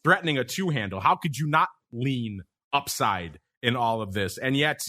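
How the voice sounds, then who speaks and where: A man's voice: mid-range voice, lively intonation, normal speed, sharp tone. A man hosting a podcast, chatting casually about markets and laughing often in playful banter. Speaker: podcast host.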